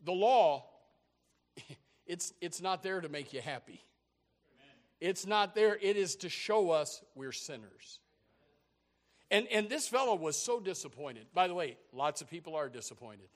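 A man's voice: high voice, lively intonation, unhurried, pauses often. A man preaching a sermon as a folksy story, with many repeated restarts.

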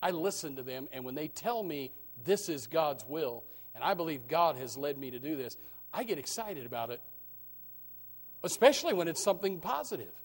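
Male pastor, sermon, high voice, very lively pitch, impassioned, murmurs to shouts. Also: normal speed. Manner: impassioned preaching, swings from low murmurs to shouts.

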